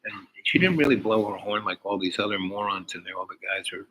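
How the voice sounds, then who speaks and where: A man's voice: on the low side, fairly quick, few pauses, sharp tone, slightly rough, poor audio. An older man telling a meandering personal story, full of fillers and asides. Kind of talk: rambling personal anecdote.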